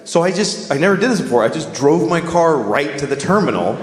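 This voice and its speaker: A man's voice: a little high, very animated, a little fast. A middle-aged man doing a stand-up comedy set, telling rambling, self-deprecating stories on a live stage. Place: live stage before an audience. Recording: roomy live venue with crowd noise.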